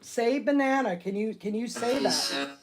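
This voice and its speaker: Excitable woman live-streaming a ghost hunt. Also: fairly high pitch, a little slow. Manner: excitable, talks out loud to spirits. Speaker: livestream ghost hunter. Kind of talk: live-stream chat with viewers.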